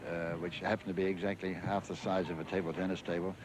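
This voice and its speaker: A man's voice: low-pitched, level tone, fast. An older English man, a former tennis champion, recalling his career in a rambling interview full of fillers and restarts. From England. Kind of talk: interview reminiscence. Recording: archive interview with clear background noise.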